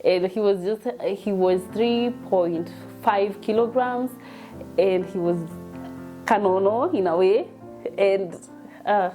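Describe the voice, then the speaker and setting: A woman's voice: medium pitch, slow pace, dark tone, faint music behind. A young woman with a Kenyan accent telling a personal story in a chatty, emotional way, mixing English and Swahili. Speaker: vlogger telling her birth story.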